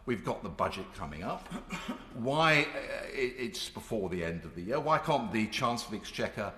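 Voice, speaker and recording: A man's voice: mid-range voice, sharp tone. An older man giving a parliamentary debate speech, emphatic and rhetorical with wry asides. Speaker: member of parliament. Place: large debating chamber. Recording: echoey hall with long reverb.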